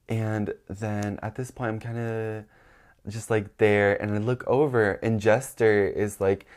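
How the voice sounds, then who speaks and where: A young man telling a party story in casual chat, filling it with "like" and acting out the quotes in high, excited voices. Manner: chatty, heavy use of "like", acts out quotes in high excited voices.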